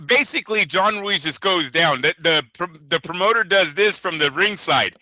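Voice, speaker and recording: Bright, dry-voiced man telling stories. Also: high-pitched, animated, moderate pace, no room sound. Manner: profane, rambling storyteller acting out quotes. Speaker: boxing show co-host. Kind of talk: casual podcast chat.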